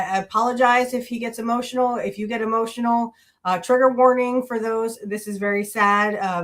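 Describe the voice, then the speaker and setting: Sitting indoors in front of a wrestling display, this podcast host talks in a medium-pitched, slightly bright voice. Her casual chat is full of fillers and false starts.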